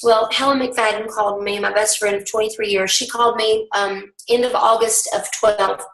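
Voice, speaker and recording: A middle-aged woman, a bit hoarse, telling her story to a sales team in a rambling, folksy way full of ums. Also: mid-range voice, fairly even intonation, normal speed, fairly bright tone. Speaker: guest speaker on a team call. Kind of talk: personal testimony to a sales team. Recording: roomy, distant conference-call audio.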